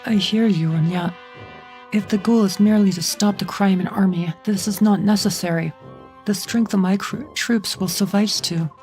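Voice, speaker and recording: A woman's voice: mid-range voice, fairly even intonation, normal speed, darkish tone, soft background music, natural voice. A woman reading an earnest loyal commander. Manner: earnest, wounded pride. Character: loyal foreign-born male commander, earnest.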